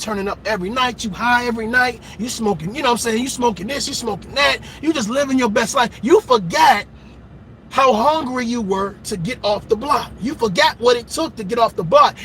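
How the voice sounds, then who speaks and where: A man's voice: very high voice, bright, forceful tone, slight background noise. A man hosting a reaction channel, delivering an impassioned, profane, preachy rant. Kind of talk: ranting commentary.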